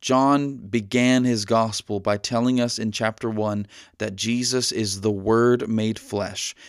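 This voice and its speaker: Earnest low-voiced man preaching a sermon. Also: steady tone, takes it slowly, clear, resonant tone, no echo, studio quality. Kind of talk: podcast sermon.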